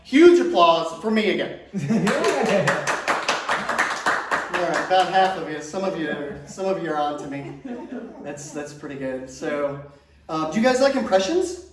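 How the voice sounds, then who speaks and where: A middle-aged man works through a stand-up set in a chatty, self-mocking way, laughing at his own jokes. His voice sits high. The recording is very echoey and picked up from well away from him. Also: expressive, unhurried, long pauses, background noise. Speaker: stand-up comedian. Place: large room on stage. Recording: echoey room from far off.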